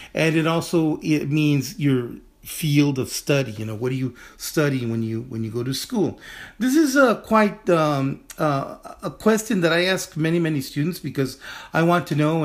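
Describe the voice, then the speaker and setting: A man teaching a Chinese lesson in English, animated and repetitive, drilling phrases slowly and often restarting his sentences. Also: a little high. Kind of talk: online language lesson.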